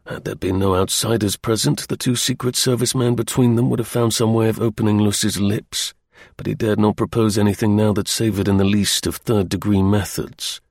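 A man narrating a story in a measured storytelling manner. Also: on the low side, a little mellow, dry recording, clean studio sound. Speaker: audiobook narrator. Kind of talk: scripted narration.

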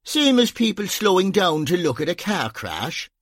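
A man's voice: high-pitched, sing-song, normal speed, fairly bright tone, dry recording, voice pushed up, heavily acted. A man with an Irish accent voicing a wry, teasing Dublin police officer who talks in dry, sardonic banter.

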